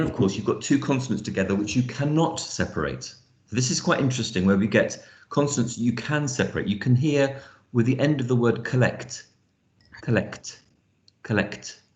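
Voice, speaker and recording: A man's voice: medium pitch, expressive, moderate pace, reverberant. A man teaching an online lesson on phonics, thinking aloud with fillers and spelling out letters as he explains. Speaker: lecturer.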